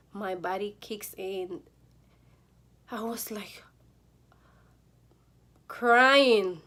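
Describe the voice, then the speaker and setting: Slow-talking young woman telling a story. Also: medium pitch. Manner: emotional retelling with many fillers and quoted pleas. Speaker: vlogger. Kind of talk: casual storytelling.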